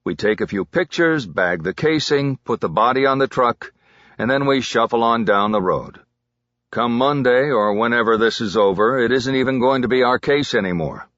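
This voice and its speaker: A man's voice: medium pitch, normal speed, a bit bright, no room sound, muffled recording, natural voice. A man voicing a talkative, restless police detective who keeps pressing his partner. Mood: pleading. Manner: restless, talks too much when keyed up.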